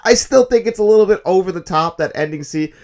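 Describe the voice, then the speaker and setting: A man's voice: high voice, lively intonation, a little mellow. A man in his thirties giving a casual, opinionated review of a film and its disc release. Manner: fast, enthusiastic, opinionated talk.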